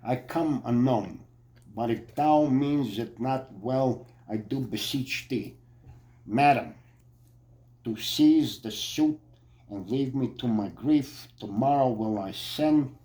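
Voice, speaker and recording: A man reading a young lover's Shakespeare lines slowly in a put-on Brooklyn accent, mock-dramatic. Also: medium pitch, dark tone, close to an everyday voice.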